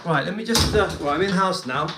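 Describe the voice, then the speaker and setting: A man's voice: high voice, animated, brisk, heavy background noise. A man hosting his own channel, talking casually and earnestly to camera, rambling and reassuring, recorded on a handheld phone. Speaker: channel host. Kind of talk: casual vlog talk to camera.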